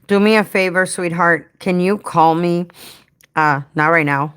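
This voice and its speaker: A woman on a casual livestream, her voice sitting a little low and moving at an unhurried pace. She rambles chattily, speaks straight to her viewers and drops fond asides as she works through her topic. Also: flat delivery, a bit bright, clean tone. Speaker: livestream host helping home care workers. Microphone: head-mounted rig.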